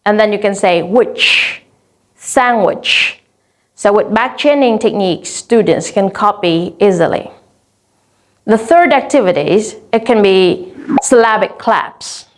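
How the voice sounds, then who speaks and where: Woman explaining vocabulary teaching methods. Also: mid-range voice. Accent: Vietnamese. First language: Vietnamese. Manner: clear, deliberate, stretches example words slowly. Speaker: English teacher trainer. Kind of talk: instructional lesson on teaching vocabulary.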